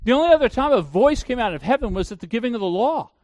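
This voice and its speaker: Animated high-voiced male preacher. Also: quick pace, no room sound. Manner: asks the listeners questions and answers them himself; emphatic preaching. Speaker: pastor. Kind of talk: sermon.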